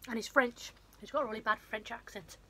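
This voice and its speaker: A woman's voice: fairly high pitch, fairly even intonation, a little fast, noisy background. A woman casually retelling a film's plot in a rambling, self-deprecating way, with a runny nose. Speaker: vlogger. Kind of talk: casual film recap.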